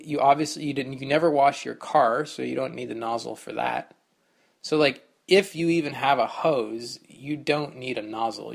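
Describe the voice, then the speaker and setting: A man's voice: mid-range voice, gravelly. A man hosting his own podcast, rambling casually and self-mockingly through a solo intro with loose swearing. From New Jersey. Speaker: podcast host.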